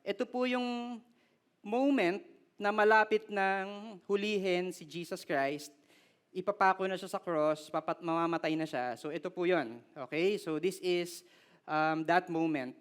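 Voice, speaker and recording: This is a high, clear male voice preaching a sermon with a Filipino accent. He moves between English and Tagalog and lifts his voice to act out the lines he quotes. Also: fairly even intonation, moderate pace. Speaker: pastor.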